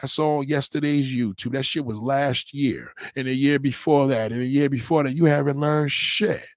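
A man hosting a livestream, giving a blunt, profane motivational rant and slowly repeating a mantra. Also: medium pitch, no echo, studio quality. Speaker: livestream host.

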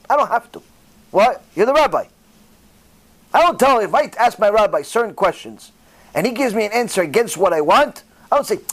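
With a high-pitched voice and a fairly quick delivery, a rabbi preaches to his audience in a sermon. He tells stories with animation, acting out small dialogues in various voices.

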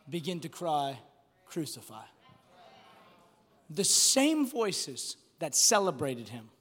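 A man preaching a sermon, swinging between loud bursts and quiet, hushed drops. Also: high-pitched. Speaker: pastor. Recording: long hall reverb with faint music.

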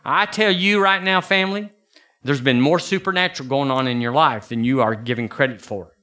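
A man preaching a sermon as pastor, folksy and animated, jumping into high bursts for emphasis. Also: fairly quick.

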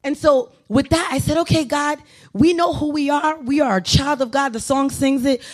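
A woman's voice: high voice, moderate pace. A woman pastor giving a sermon in a conversational, self-deprecating way, moving into urgent exhortation. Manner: conversational, self-deprecating preaching with playful asides.

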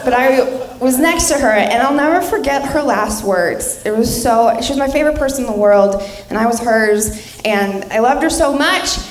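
A young woman doing stand-up comedy on a club stage, delivering dark punchlines deadpan with chatty fillers. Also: on the high side, normal speed, hardly any pauses. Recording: echoey club, audience laughing. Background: crowd laughter.

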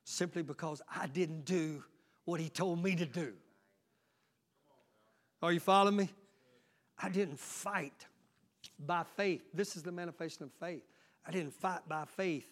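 A man with a high voice preaches a sermon as pastor. He moves between forceful exhortation and quiet, confiding asides, and keeps checking in with the congregation through rhetorical questions. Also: measured pace, pauses often. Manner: frequent call-outs to the congregation.

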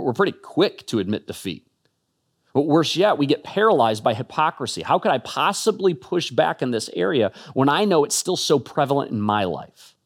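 A man giving an earnest, emphatic sermon-style talk as a Christian speaker, often stumbling into quick restarts. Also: mid-range voice.

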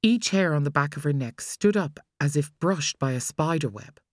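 A woman with an Irish accent reading a thriller audiobook in a measured, expressive way. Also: low voice, no room sound, clean studio sound. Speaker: audiobook narrator. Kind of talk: scripted narration.

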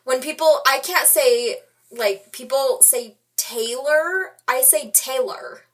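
Young woman w/ a bit of a midwestern accent, quick jokey podcast chat, sounds a little off-mic. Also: high voice, far from the mic. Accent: Midwestern American. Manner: chatty, quick, self-mocking humor. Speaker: podcast host.

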